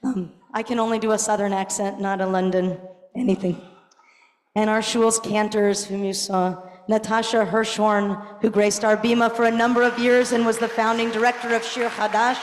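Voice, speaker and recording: A woman's voice: mid-range voice, level tone, normal speed. A middle-aged woman rabbi giving a gala tribute speech, earnest with touches of self-deprecating humor. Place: large banquet hall. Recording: echoey hall with crowd murmur. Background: faint crowd noise.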